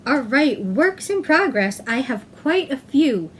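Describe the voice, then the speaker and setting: A woman hosting a knitting podcast, chatting casually, often pausing with "um" and correcting herself mid-sentence. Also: high voice, very animated, slight background noise. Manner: chatty, self-correcting, frequent "um". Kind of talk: casual chat.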